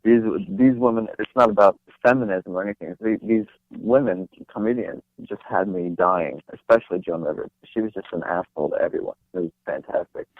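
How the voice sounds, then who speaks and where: Young guy from new jersey, real deep voice, rambly, lots of ums, phone line sound. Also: fairly quick, hardly any pauses, dry recording. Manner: rambling, many fillers and restarts. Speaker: guest actor. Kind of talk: casual interview chat. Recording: dry tinny phone line.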